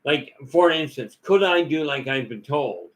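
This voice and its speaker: A man's voice: fairly high pitch, expressive, measured pace, low-quality recording. Folksy rambling man. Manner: folksy, storytelling, many "you know" fillers. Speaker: vlog host. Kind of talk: rambling personal talk.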